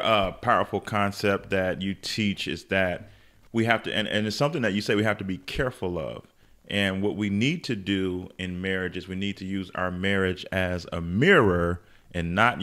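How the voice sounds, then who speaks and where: A man hosting a podcast, asking questions in a measured, affirming way. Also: low-pitched, fairly bright tone. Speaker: podcast host. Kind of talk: interview questions.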